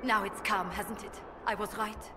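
An actress playing a defiant middle-aged village elder who defends herself firmly. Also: female voice, mid-range voice, steady tone, moderate pace, sharp tone, a little hiss or hum, natural voice.

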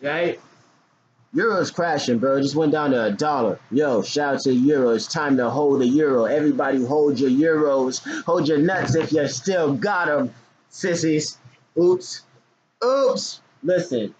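A man's voice: fairly high pitch, measured pace, darkish tone. A man casually talking about forex trading in a loose, joking, slangy way with hyped outbursts. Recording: dull lo-fi recording with faint noise.

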